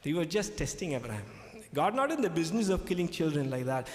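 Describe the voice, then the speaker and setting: A man preaches a sermon in a fairly high voice, repeating his key lines for emphasis and pausing to check that his listeners follow. His voice rings around an echoey hall with a long, lingering reverb. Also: very animated. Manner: emphatic, repetitive, checks in with "okay?".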